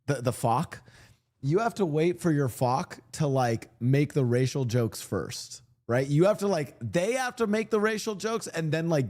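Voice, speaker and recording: Lively joking male streamer. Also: medium pitch. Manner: rambling, joking, many restarts and fillers. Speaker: streamer reacting to clips. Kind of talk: casual reaction commentary.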